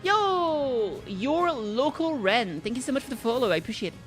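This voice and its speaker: Playful woman streamer, lively pitch, casual game chat, faint music behind. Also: moderate pace.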